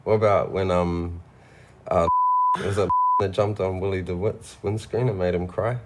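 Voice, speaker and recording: A man's voice: low voice, wildly swooping pitch, a little slow, very noisy. A man with a New Zealand accent co-hosting a podcast, telling stories in a laid-back, swearing way. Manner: laid-back storytelling, swears and laughs often. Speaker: podcast co-host. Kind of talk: casual podcast chat.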